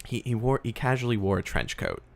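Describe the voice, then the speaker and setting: A man voicing a tough but uneasy young woman who talks in halting, hesitant bursts. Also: mid-range voice, very animated, gravelly, pitched above the performer's own voice.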